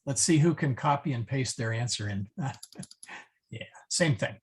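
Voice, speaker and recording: Man, Latin teacher, slow speech, husky voice, halting explanations, chuckles at himself. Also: medium pitch, lively intonation. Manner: halting, lots of ums, chuckles at own slips. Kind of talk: online class instruction.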